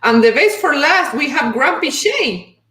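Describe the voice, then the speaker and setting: A woman's voice: sits high, big pitch swings, a little slow. Chatty woman hosting in a roomy space. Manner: chatty, effusive, greets viewers warmly. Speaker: host. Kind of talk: casual livestream chat. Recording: roomy echo.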